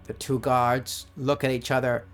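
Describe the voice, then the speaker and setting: Excitable man narrating a solo tabletop game. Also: mid-range voice, measured pace. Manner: excitable, laughs at dice results.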